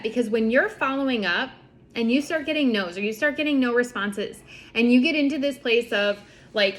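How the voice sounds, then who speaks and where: A young adult woman giving casual coaching tips to her sales team, chatty and quick, acting out the messages she sends. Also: fairly high pitch, fairly bright tone. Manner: chatty, fast-talking, lots of "like" and acted-out quotes. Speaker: network marketing team leader.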